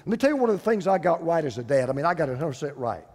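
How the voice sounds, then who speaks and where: An older man preaches a sermon from the pulpit, his voice sitting high. He leans on repetition to drive points home, and a long reverb trails through the hall. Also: big pitch swings, racing, darkish tone. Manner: emphatic, repeats phrases for stress. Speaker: pastor.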